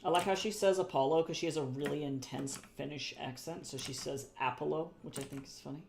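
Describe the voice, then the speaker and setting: An artist chats casually on a live drawing stream, rambling, repeating phrases, often correcting themself, swearing now and then and laughing at their own jokes. The voice is medium-pitched, steady, a bit fast, creaky and slightly mellow, with a little hiss or hum in the audio.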